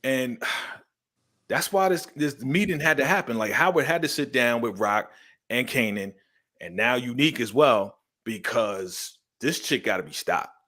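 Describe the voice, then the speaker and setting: Animated slangy man recapping a show. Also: mid-range voice, unhurried. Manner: animated, slangy, acts out characters' lines in shifting voices. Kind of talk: casual recap chat.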